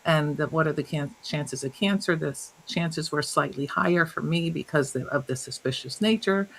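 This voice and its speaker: A woman guest, a health coach, telling stories in an interview, animated and laughing often as she acts out what others said. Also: deep voice, moderate pace, creaky, low-quality recording. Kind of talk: storytelling in an interview.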